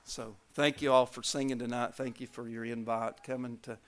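A man preaching a revival sermon, telling stories and building to loud climaxes. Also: mid-range voice, flat delivery, normal speed.

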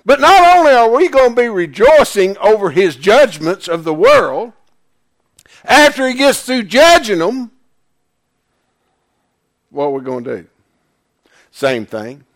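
A man's voice: sits high, very animated, measured pace, long pauses. A man preaching a sermon, emphatic, firing questions at the congregation. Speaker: pastor.

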